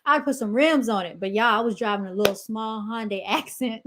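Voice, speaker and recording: A woman's voice: a little high, brisk, noisy background. Chatty woman podcaster telling stories. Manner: chatty storytelling, keeps addressing listeners as y'all. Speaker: podcast host. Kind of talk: casual podcast monologue.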